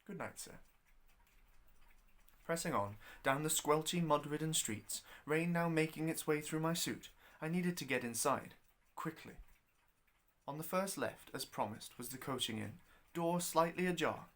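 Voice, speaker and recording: A man reading his own novella aloud as narrator, with an expressive, wry delivery. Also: a little high, moderate pace. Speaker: storyteller.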